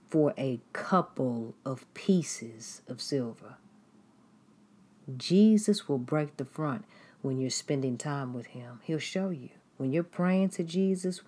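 A woman's voice: sits low, mellow, slightly rough. A woman preaching a sermon in an emphatic, repetitive way, now and then mimicking critics in a raised voice.

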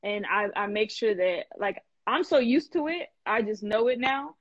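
A woman hosting a live stream in casual chat, animated and emphatic, laughing often and full of slang. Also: mid-range voice, moderate pace, no room sound, lo-fi sound. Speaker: host.

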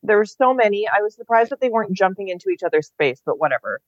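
A woman's voice: mid-range voice, very animated, fast talker. A woman co-hosting a podcast, chatting in a laid-back, agreeable way over a video call. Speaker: podcast co-host. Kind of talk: casual chat. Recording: dull lo-fi video call audio.

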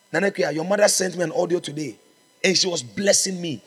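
A man's voice: high voice, fast, husky, long reverb tail. A man preaching a sermon as pastor, fervent and exhorting, calling out to his congregation. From Ghana.

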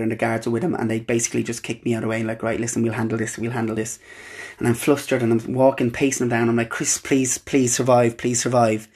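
A young Irish man hosting a podcast, telling a personal story in an earnest, halting way with frequent restarts. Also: mid-range voice, breathy edge. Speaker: podcast host.

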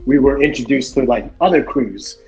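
A speaker retelling a shared memory in a casual chat, animated and quick to laugh. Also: medium pitch, a crowd in the background, low-quality recording.

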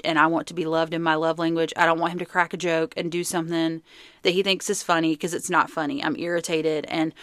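A woman's voice: low voice, fairly bright tone, dry recording, clean studio sound. A young woman hosting a podcast, giving earnest, chatty relationship advice. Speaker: podcast host. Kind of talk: casual advice talk.

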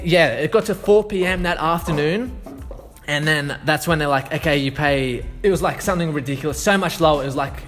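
A man's voice: on the high side, fairly bright tone. A man telling a story in a loose, rambling way, swearing freely, with many fillers and restarts. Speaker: sales consultant. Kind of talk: casual storytelling.

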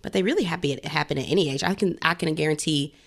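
A woman's voice: low-pitched, quick pace, creaky. A woman in her thirties co-hosting a casual podcast, talking bluntly and with plenty of profanity. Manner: blunt, profane and animated, laughing often. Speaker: podcast co-host.

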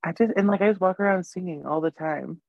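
A woman's voice: on the low side, quick pace, vocal fry, dry recording, lo-fi sound. A woman co-hosting a casual podcast chat over a video call, easygoing and laughing along. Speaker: podcast co-host. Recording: video call with faint background hiss.

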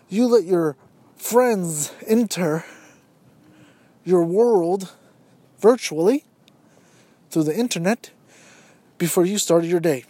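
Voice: medium pitch, mellow, no room sound. A podcast host giving a motivational monologue, firing rhetorical questions straight at listeners and acting out bits of everyday dialogue. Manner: acts out imagined everyday dialogue.

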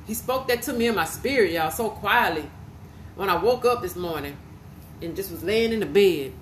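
A woman preacher speaks with fervent conviction on her own podcast, delivering a prophetic word to her listeners. Her voice sits at a middling pitch for a woman, and she returns again and again to the same phrases. A faint hiss runs beneath her voice. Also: fairly bright tone. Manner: fervent, repetitive, punctuated with hallelujahs; speaks directly to listeners as "y'all".

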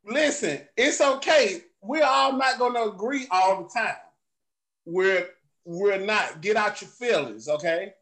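A man co-hosting a podcast from a basement, teasing the others with laughter and calming the argument. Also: sits high, unhurried. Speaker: podcast co-host. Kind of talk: casual podcast banter.

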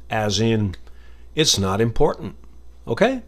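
A man's voice: mid-range voice, big pitch swings, unhurried, pauses often. An American man hosting an English-learning podcast, explaining expressions in a chatty, friendly way. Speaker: English teacher podcast host. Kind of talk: casual English lesson.

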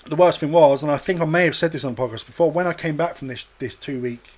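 A man telling a sweary, animated story on a casual podcast chat, acting out other people's voices. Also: a little high, fast. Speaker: podcast host.

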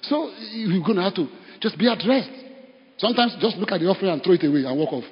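A Nigerian man preaches in a church, telling stories with animated energy and breaking into laughter, his voice sitting a little high for a man. The sound is dull and carries a long echo from the hall. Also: fast talker, slight background noise. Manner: storytelling, animated, bursts of laughter. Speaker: pastor. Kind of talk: sermon.

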